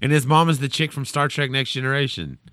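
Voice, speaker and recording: A man's voice: mid-range voice, quick pace, a bit bright, dry recording, studio quality. A man co-hosting a podcast, tossing out sarcastic, profane wisecracks in casual banter. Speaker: podcast co-host.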